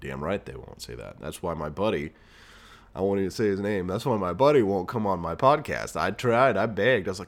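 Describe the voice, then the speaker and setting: A man's voice: sits low, expressive, fairly quick. A man hosting a political podcast, ranting in a fired-up way and reading news aloud with his own asides. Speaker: podcast host. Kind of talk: political commentary monologue.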